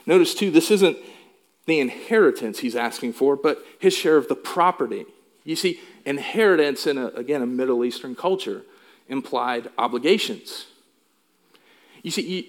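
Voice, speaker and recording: A male pastor delivering a sermon in an emphatic way, asking the congregation questions. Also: medium pitch. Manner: emphatic, asks the room questions.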